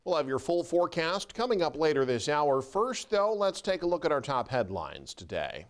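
Brisk male news anchor. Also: a little high, very animated. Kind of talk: scripted news reading.

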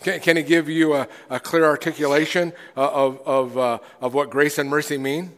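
A man preaching a sermon as pastor, earnest, often repeating words as he restarts and swinging between loud and quiet. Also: on the high side, fairly even intonation, normal speed, in a large hall.

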